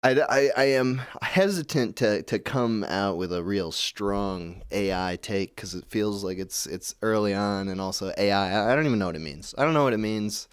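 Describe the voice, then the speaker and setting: A man's voice: on the low side, normal speed, few pauses, smooth, no room sound, clean studio sound. A man hosting a call-in show, ranting in a cynical, profane, rambling way. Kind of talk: casual rant.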